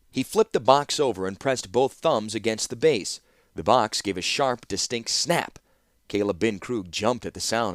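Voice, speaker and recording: A man narrating a fantasy audiobook in an expressive storytelling manner. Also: lowish voice, dry recording, studio quality.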